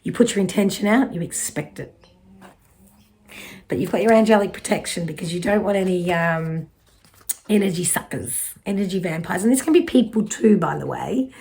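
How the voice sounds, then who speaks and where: A woman's voice: on the low side, animated, normal speed, creaky, a little mellow. A middle-aged woman with an Australian accent, giving a casual, reassuring psychic card reading and swearing now and then.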